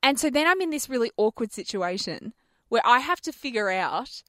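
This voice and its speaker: Bright-voiced woman co-host. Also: a little high, moderate pace, no room sound, clean studio sound. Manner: animated storyteller, laughs often. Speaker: radio co-host. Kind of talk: casual on-air banter.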